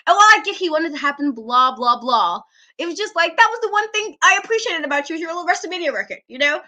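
A woman co-hosting a wrestling talk show, ranting in an animated, exasperated way and laughing often. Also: very high voice, fast. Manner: emphatic repetition. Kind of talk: casual podcast rant.

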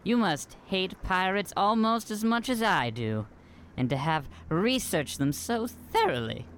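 Male actor plays a naive, gushing playboy academic; sing-song and unhurried, audio comedy. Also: high-pitched, very animated, a bit bright, a little hiss or hum, full character voice. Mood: prim. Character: pompous rich young male pirate scholar.

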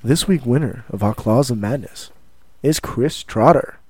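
A man co-hosting a tabletop gaming podcast in casual chat, animated and laughing, slipping into quick character voices. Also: mid-range voice, dry recording. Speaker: podcast co-host.

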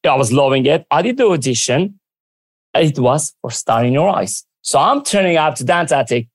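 A man telling stories from his working life in a lively, animated way, often acting out what others said. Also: a little high, normal speed, no echo. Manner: lively, acts out quoted dialogue. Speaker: guest. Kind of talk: casual storytelling.

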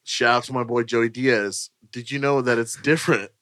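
A man, chatting as a podcast guest and telling stories in an animated way. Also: medium pitch, normal speed. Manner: animated storyteller, acts out scenes. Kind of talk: casual chat.

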